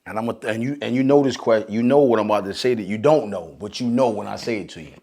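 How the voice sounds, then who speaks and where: A man's voice: fairly low pitch, quick pace. A man from northern New Jersey hosting a podcast in casual chat, earnest and full of conviction. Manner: earnest, speaks with conviction, quotes others in lively bursts. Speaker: podcast host.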